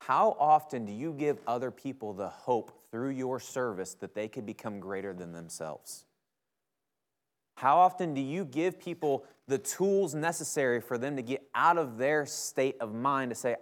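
A young male preacher speaking to a campus group. His delivery is conversational and sincere, and he often checks in with his listeners. His voice sits at an ordinary middle pitch. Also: very animated, moderate pace. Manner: conversational, earnest, keeps asking "right?". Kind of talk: sermon.

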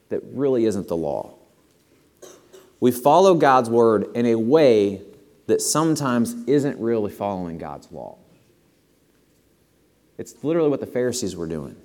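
A man preaching a sermon to his church, earnest and building to animated emphasis. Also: medium pitch, big-room sound. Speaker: pastor. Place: church sanctuary.

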